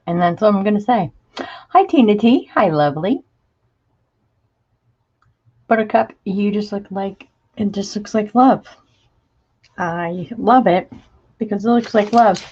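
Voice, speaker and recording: Chatty woman crafter, slow and lively. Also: mid-range voice, slightly rough, lo-fi sound. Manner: chatty, greets viewers by name, gushing. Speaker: crafting livestream host. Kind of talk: casual live chat while showing craft supplies.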